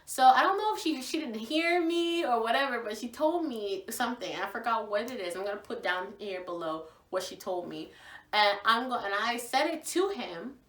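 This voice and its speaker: A young woman from Virginia, casually telling a story to the camera in an animated, gushing way, acting out what people said. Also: fairly high pitch, normal speed. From Virginia, USA. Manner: animated, gushing, acts out quotes. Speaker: vlogger. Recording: echoey room, voice from far off.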